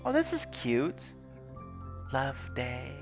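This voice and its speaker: Young adult male let's-play host. Lively, blunt and sweary, with a pitch that swings widely. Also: takes it slowly, vocal fry, over music. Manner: animated, chatty and blunt, swears freely. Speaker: gaming channel host. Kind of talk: casual gameplay commentary.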